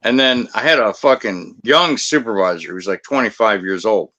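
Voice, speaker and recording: A man's voice: fairly low pitch, moderate pace, pushed and bright, lo-fi sound. A man in his fifties who works as a security guard, telling a story in blunt, profane, combative casual talk. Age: 50s.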